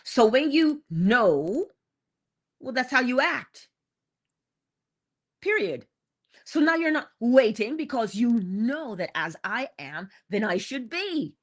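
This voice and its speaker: A woman's voice: fairly high pitch, very animated, takes it slowly, long pauses. A woman hosting an inspirational morning talk, casual and emphatic, repeating key phrases and laughing between points. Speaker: host.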